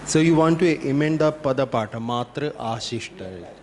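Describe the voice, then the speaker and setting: A man's voice: on the high side, a little fast, a little mellow, a little hiss or hum. A man with an Indian English accent asking a lecturer probing questions in an academic discussion. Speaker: workshop participant asking questions.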